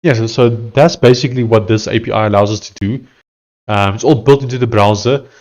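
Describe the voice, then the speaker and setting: A man's voice: medium pitch, a little fast, a little mellow. A South African man talking casually as he codes, thinking aloud and hesitant, often restarting his sentences. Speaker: software developer streamer. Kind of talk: casual live-coding commentary.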